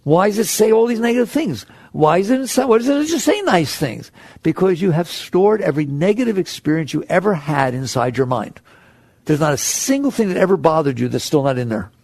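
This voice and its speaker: A man giving a spiritual talk, his voice fairly high and swinging widely in pitch. It has a husky, gravelly edge, and the sound is dry and close. He speaks conversationally and slips into acted-out inner voices. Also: animated, a little fast, a little mellow, no echo. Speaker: spiritual teacher.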